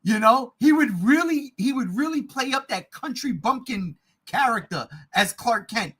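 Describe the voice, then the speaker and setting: Animated, excitable man with husky voice. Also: very high voice, normal speed. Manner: animated, swearing, excitable, often shouting. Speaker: podcast co-host. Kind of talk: casual chat about movies.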